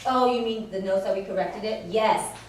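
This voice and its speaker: A woman piano teacher speaking to children and parents at a recital, telling animated stories and acting out her students. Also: medium pitch, normal speed, a little hiss or hum. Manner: animated storytelling, acts out students. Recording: echoey room from far off.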